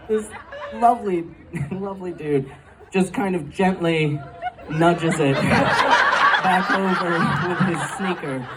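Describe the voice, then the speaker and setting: A man's voice: high voice, slow pace, long pauses. A man doing a stand-up comedy set in a live club, talking in a chatty way full of fillers and laughing at his own jokes. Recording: live club recording from a distance, crowd noise. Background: audience laughter and club ambience.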